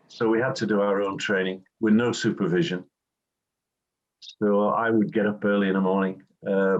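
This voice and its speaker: A man's voice: on the low side, muffled recording. An older English man, a former football referee, reminiscing in an interview and telling anecdotes with acted-out quotes.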